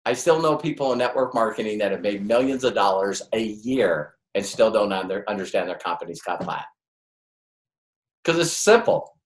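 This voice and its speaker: A man with a fairly low, animated voice and a moderate pace trains a live audience in network marketing, motivational-seminar style. Emphatic and heavy on rhetorical questions, he acts out quoted voices, and the recording has a roomy echo.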